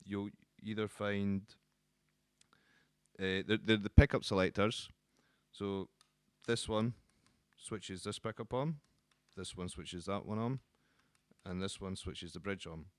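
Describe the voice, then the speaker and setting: A man with a lowish, smooth, clear voice walks through the parts of a guitar in a relaxed teaching manner. He talks loosely, pausing on ums and restarting phrases. The sound is close and dry, with no room around it. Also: dry recording. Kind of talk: casual instructional explanation.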